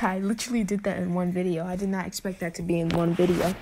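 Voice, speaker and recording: A woman's voice: lowish voice, little pitch movement, quick pace, hardly any pauses, a little hiss or hum. A young woman casually telling a fan what-if story, rambling with many fillers and restarts.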